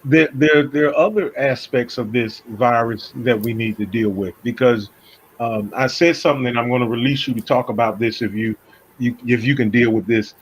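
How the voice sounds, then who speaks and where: A man from Philadelphia with a Philadelphia accent, talking through an interview in a casual, animated way and often repeating his phrases. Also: mid-range voice, moderate pace, a little hiss or hum.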